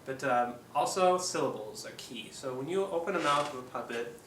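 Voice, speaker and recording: Speaking at a moderate pace in a slightly bright, mid-pitched voice, a channel host from Oregon rambles through a relaxed puppetry tutorial, hesitating often with ums. The recording sounds distant and echoey, with a faint hum in the background.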